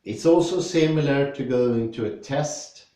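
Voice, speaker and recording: A Swedish-accented man talks through a philosophy text at a slow, unhurried pace, his voice low and mellow. He sits back from the microphone in a very echoey room, so every word rings around him. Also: recorded from a distance. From Sweden. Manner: slow, thoughtful, reads passages aloud then explains with personal stories. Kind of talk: reading and discussing philosophy.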